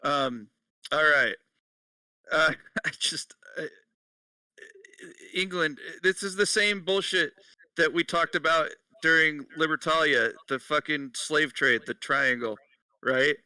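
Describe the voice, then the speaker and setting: A man's voice: on the high side, slow, no room sound, recorded from a distance, poor audio. A man co-hosting a casual podcast, laughing often and swearing while he reads out notes. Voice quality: bright, laughing, profane. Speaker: podcast co-host. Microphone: headset.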